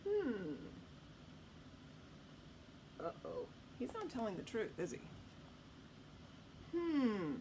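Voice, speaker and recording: Animated woman reading a storybook to kids. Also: a little high, extremely slow, pauses often, a little hiss or hum. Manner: animated, asks the listener questions. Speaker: storytime reader. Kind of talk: read-aloud storytime for children.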